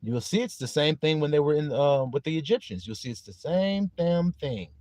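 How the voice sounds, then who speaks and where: A man's pitch leaps up and drops down as he preaches a live-streamed sermon at normal speed. Animated throughout, he reads scripture aloud, quizzes listeners, greets viewers by name and laughs often between points, captured in close, dry sound with no room echo.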